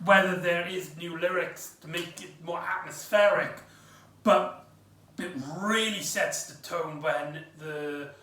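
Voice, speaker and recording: A man's voice: fairly high pitch, a bit bright. A man casually reviewing an audio drama, rambling with lots of ums and restarts. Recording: echoey room, far from mic.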